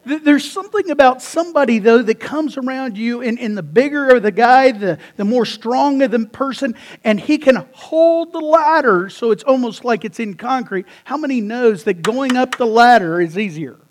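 Animated high-voiced male pastor. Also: moderate pace, few pauses. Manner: animated storytelling with laughs and repeated restarts. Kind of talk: sermon. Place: church.

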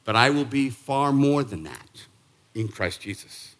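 A man's voice: lively intonation, unhurried, a bit bright. Emphatic sixty-something preacher man. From Boston, Massachusetts. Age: 60s. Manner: emphatic, punchy preaching with sudden rises in pitch and volume. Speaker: pastor. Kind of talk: sermon. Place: church sanctuary.

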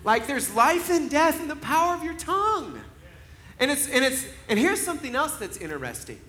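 A man's voice: very high-pitched, big pitch swings, normal speed. A man in his forties preaching a sermon, telling stories in a conversational way. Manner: conversational storytelling, rising to loud laughing emphasis. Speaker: pastor.

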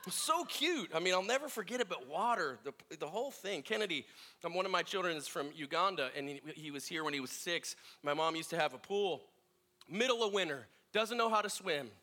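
A man's voice: a little high, fairly quick. A middle-aged man sharing personal family stories in a reflective sermon, acting out voices as he tells them. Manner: reflective, animated in quoted voices.

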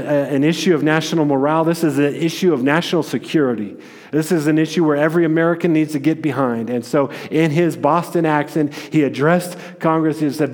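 A male pastor preaching a sermon in an energetic, emphatic way, often restarting his sentences. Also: on the high side. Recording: long hall reverb.

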